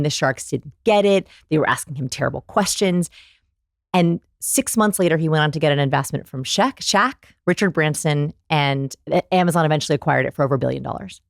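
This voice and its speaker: A middle-aged woman speaks with energy and conviction in a fairly low voice. She demonstrates tones of speech as she explains, and the recording is dry and close. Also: vocal fry, no room sound. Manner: energetic, demonstrates vocal inflections. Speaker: guest, people expert. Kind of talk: animated interview talk.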